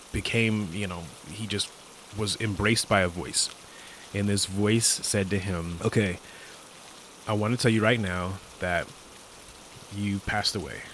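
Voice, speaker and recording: Low-voiced man musing on a podcast. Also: a bit bright, slight background noise. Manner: rambling, many fillers and restarts. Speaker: podcast host. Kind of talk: casual reflective monologue.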